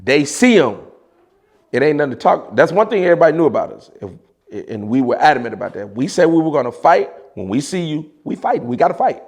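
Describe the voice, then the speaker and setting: A Chicago man tells an old story in a relaxed, animated way. His voice sits a little high for a man and has a gravelly grain, and he talks loose and casual, full of slang and restarts. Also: a little fast. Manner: animated, mimics voices of others in quotes, frequent laughs and slang.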